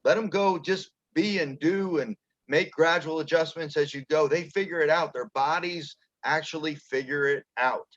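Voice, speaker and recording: Encouraging man, slightly high, muffled sound. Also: normal speed, fairly bright tone. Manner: encouraging advice, checks in with "okay?". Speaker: high school baseball head coach. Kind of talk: casual panel discussion. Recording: dull, muffled audio.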